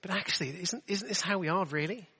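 A man's voice: high-pitched, fast talker, bright, forceful tone, in a large hall, a little hiss or hum. A man preaching a sermon in a chatty, self-deprecating way, full of rhetorical questions. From England.

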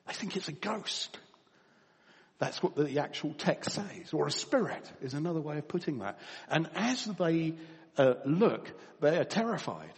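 Man, sermon, lively storytelling voice, soft chuckles between points, church hall with long reverb. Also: on the high side. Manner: storytelling with animated rises and soft drops. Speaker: preacher.

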